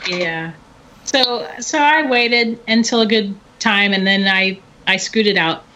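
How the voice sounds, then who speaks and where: A middle-aged woman telling a story in casual chat, animated and often laughing. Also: medium pitch, slow pace. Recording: dull lo-fi recording.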